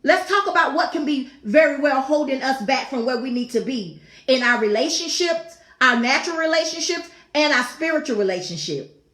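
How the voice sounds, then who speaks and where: A woman's voice: high-pitched, animated, normal speed, a bit bright. A woman hosting a talk show, giving a fervent, preaching-style devotional talk with repeated phrases and exclaimed asides. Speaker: talk show host teaching scripture. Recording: echoey room.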